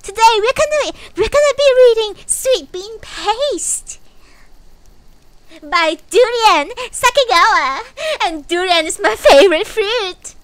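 A woman's voice: extremely high pitch, expressive, slow pace, voice pushed up, heavily acted. A woman mocking an overexcited, cutesy young female streamer in a squealing, gushing voice. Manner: squealing, gushing, exaggerated cheer.

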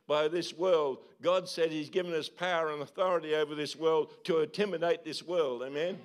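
A man's voice: fairly high pitch, steady tone, normal speed. Pastor exhorting his congregation. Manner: exhorting, repeated calls and tag questions. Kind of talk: sermon. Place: church service.

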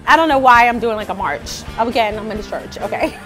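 A woman vocal coach talking chattily in a casual vlog, animated and often laughing. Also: a little high, fast talker, hardly any pauses, soft background music.

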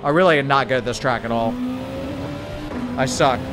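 A man from the United States hurriedly commentates a live racing game stream, chatting with his viewers. His mid-range voice is excitable and hurried, with music in the background.

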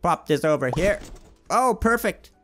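A man's voice: sits high, lively intonation, measured pace, fairly bright tone, faint music behind. A young man giving playful let's play commentary, chatting with game customers like a shopkeeper. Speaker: gaming YouTuber.

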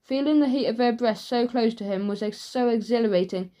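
A woman narrating a children's audiobook in a lively storytelling manner. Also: on the high side, fairly quick.

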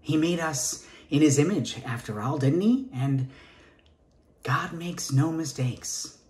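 Slow and expressive, a man with a slightly high, darkish voice plays a nervous gay job candidate seeking a teaching post in a comic stage piece. He stammers and rambles in a Southern accent, occasionally sinking to a whisper, and the room is reverberant.

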